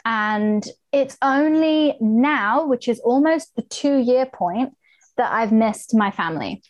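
A woman's voice: on the high side, darkish tone, dry recording. A young woman, talking earnestly and reflectively as a podcast guest. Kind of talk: casual interview talk.

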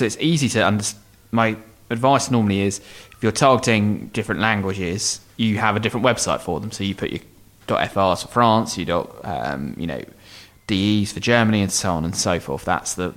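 A man with a fairly low, slightly bright voice co-hosts a podcast, talking a little fast. He answers listener questions in a loose, casual way, thinking aloud with lots of ums and restarts.

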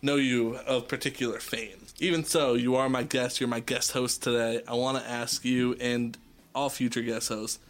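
Boston-accented male podcast host, mid-pitched, loose jokey chat with some swearing. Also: level tone, normal speed. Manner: joking, loose and profane. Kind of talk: casual chat.

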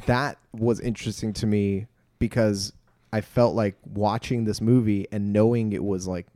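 A man's voice: on the low side, fairly even intonation, normal speed, dark tone, dry recording, studio quality. A man casually discussing a film's structure, rambling a little and swearing freely.

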